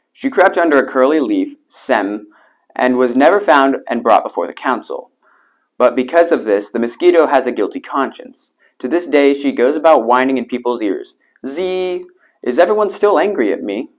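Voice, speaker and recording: A man's voice: medium pitch, lively intonation, normal speed. A man reads a children's picture book aloud in a mid-range voice, adding little spoken sound effects along the way. His delivery is a plain storybook narration. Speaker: reader.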